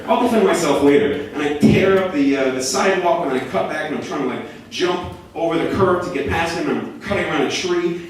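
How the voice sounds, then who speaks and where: A young man telling a comic story live on a small theater stage, animated and rising to near shouts at the big moments. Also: on the high side. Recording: echoey room from a distance.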